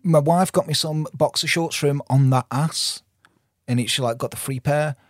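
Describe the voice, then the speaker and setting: A man's voice: fairly high pitch, normal speed, no room sound, clean studio sound. A man, a podcast guest, chatting casually and rambling through crude anecdotes on a podcast mic. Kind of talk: casual chat.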